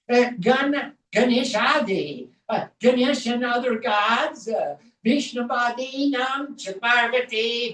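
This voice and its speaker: A woman's voice: fairly high pitch, fairly bright tone. A woman teaching a scripture class, speaking emphatically and explaining Sanskrit verses phrase by phrase. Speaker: spiritual teacher. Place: temple hall. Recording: echoey room, voice from far off.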